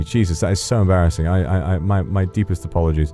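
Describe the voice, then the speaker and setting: A man's voice: low voice, fast talker, hardly any pauses, mellow, faint music behind. A man casually commentating as he streams a game, rambling and swearing playfully.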